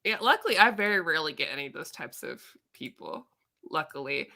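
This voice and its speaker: A young woman hosting a casual podcast chat, talkative and quick to laugh. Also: low-pitched, big pitch swings, gravelly, sharp tone. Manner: chatty, laughs easily. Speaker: podcast host.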